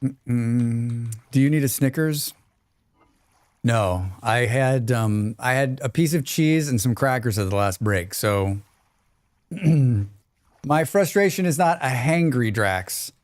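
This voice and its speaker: A man's voice: medium pitch, expressive, slow pace, dry recording. Man grumbling through his gameplay stream. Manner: talks to himself, joking and grumbling. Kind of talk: casual live gameplay commentary.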